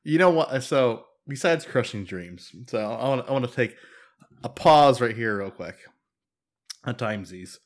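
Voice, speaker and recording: A man's voice: mid-range voice, expressive, moderate pace. Podcast host, man with an average voice, upbeat question-asker. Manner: steers the talk with questions, laughs easily. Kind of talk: casual chat.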